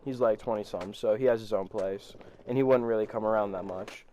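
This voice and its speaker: A man's voice: lowish voice, a little fast, dark tone, slight background noise. A teenage boy telling a story in a rambling, profane way, laughing as he goes. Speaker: vlogger. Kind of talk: storytime vlog.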